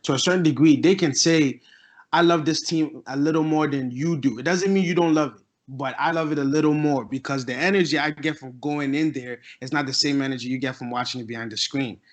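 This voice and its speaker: A man's voice: mid-range voice, steady tone, fast, hardly any pauses. A man from Ghana making his point in a casual podcast debate, emphatic and argumentative, restarting his sentences often. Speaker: podcast guest, musician.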